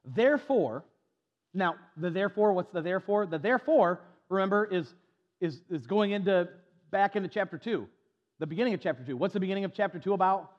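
A man delivers an animated sermon in a church, his voice sitting high for a man. He moves quickly between rhetorical questions and scripture reading. The recording sounds dull and lo-fi. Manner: animated preaching, mocking voices of critics. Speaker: pastor.

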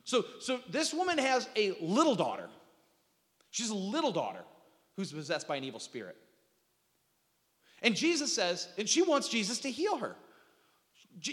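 A male preacher with a high, lively voice that swoops up and down as he explains scripture. He often repeats words as he restarts and drops in joking asides. His voice rings out with a long reverb in a large hall. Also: normal speed, long pauses. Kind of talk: sermon, reading and explaining scripture.

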